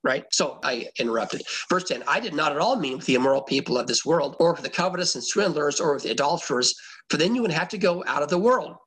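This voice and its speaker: A man's voice: on the high side, animated, fast talker, a bit bright, husky, low-quality recording. A man teaching a Bible passage to a congregation, conversational and emphatic, reading verses aloud and explaining them. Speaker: pastor teaching scripture.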